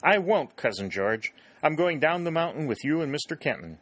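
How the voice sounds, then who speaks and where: A man reading an audiobook, voicing an eager young boy soldier in a raised, excitable voice. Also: mid-range voice, normal speed, voice pushed up. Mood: indignant. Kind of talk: audiobook character voice.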